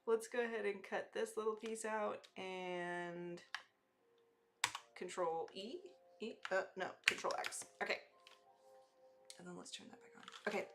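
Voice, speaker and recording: A woman's voice: medium pitch, steady tone, measured pace, long pauses, over music. A woman hosting a casual live digital-painting demo, chatty and self-teasing, with frequent fillers and asides. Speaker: digital artist and livestream host.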